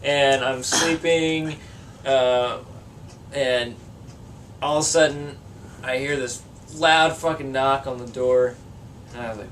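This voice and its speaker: A man's voice: medium pitch, fairly even intonation, slow, pauses often, a bit bright. A young man in a band, casually telling a long, profane story in an interview and laughing through it. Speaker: band member. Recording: distant mic with faint room noise.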